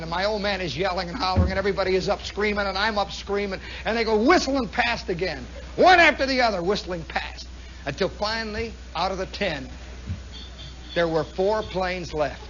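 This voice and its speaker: Middle-aged male radio storyteller, high and lively, dull 1960s broadcast sound. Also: a little hiss or hum. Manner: animated, imitates roaring planes with shrieks. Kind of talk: spontaneous monologue storytelling.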